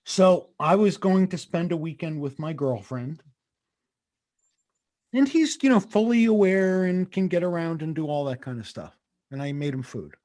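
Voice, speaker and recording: Middle-aged male co-host, slightly raised pitch, deadpan teasing, video call chat. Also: normal speed. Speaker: podcast co-host.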